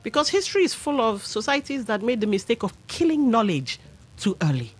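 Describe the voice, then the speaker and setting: A woman's voice: fairly high pitch, very animated, fairly quick, breathy edge, soft background music. A Nigerian woman hosting a radio talk show, giving opinionated commentary with pidgin asides. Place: radio studio.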